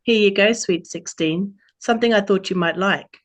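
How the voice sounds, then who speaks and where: A woman's voice: mid-range voice, moderate pace, close to an everyday voice. A woman putting on a breezy Australian girl. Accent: Australian, put on. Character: cheerful young Australian woman lifeguard.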